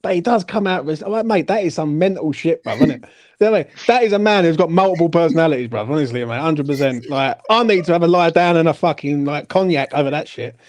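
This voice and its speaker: A man's voice: a little high, expressive, quick pace, a little mellow. A man hosting a casual football chat stream, laughing, swearing and full of slang. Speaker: podcast host.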